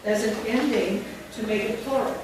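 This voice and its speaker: A woman's voice: mid-range voice, fairly even intonation, moderate pace. A woman leading a phonics teacher training workshop, demonstrating classroom instruction step by step. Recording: echoey room from far off with noise.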